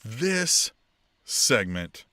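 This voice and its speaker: A man's voice: medium pitch, big pitch swings, very slow, pushed and bright, dry recording, clean studio sound. A man co-hosting a wrestling podcast in casual chat, swearing freely and acting out what people said in mock voices. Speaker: podcast co-host.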